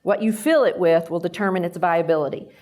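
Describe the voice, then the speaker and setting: A middle-aged woman from Texas, speaking with a Texan accent, is the guest speaker for a faith-based leadership talk at a lunch event. Her voice is on the low side, a little fast, with a darkish tone, and she performs the voices in her stories.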